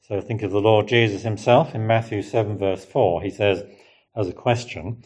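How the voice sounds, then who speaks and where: A man with a fairly low voice gives a relaxed Bible teaching. He muses aloud and keeps checking in with his listeners through rhetorical questions. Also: moderate pace, breathy edge. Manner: conversational, musing, asks the listeners rhetorical questions. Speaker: preacher.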